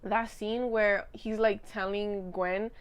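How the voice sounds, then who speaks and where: A woman's voice: mid-range voice, fairly even intonation, slow, clean tone. A young woman chatting casually into a desk mic at home, giggly and gushing as she rambles. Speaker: vlogger. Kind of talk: casual chat.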